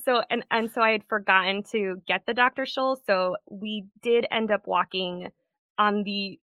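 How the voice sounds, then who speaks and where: Young woman guest, bright, dry-sounding voice, chatty storyteller. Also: mid-range voice, fairly even intonation, moderate pace, no room sound. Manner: chatty storytelling with frequent laughs. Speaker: podcast guest. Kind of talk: casual chat.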